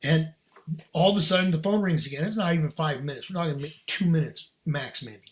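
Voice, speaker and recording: A man guest on a podcast telling a personal story in casual, earnest talk, animated and laughing now and then. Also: fairly high pitch, fairly quick.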